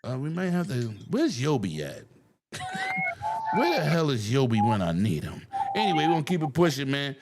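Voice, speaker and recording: Animated, swearing male gaming podcast host. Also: mid-range voice, fast, very noisy. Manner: animated, profane, laughs loudly. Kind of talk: casual gaming podcast chat.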